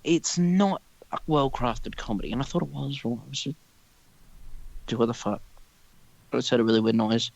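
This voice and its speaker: A young man in casual podcast chat, with a gravelly, creaky voice at a mid pitch. He swears heavily and rants with strong opinions, talking loosely and in bursts. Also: normal speed, long pauses, muffled recording. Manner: profane, ranting, opinionated. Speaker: podcast co-host.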